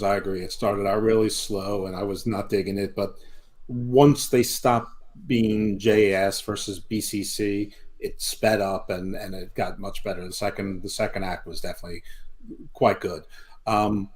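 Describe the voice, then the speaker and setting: A man's voice: lowish voice, fairly even intonation, moderate pace, darkish tone. A man co-hosting a wrestling podcast, telling stories in a rambling, swearing way with many restarts. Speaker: podcast co-host. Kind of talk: casual wrestling recap chat.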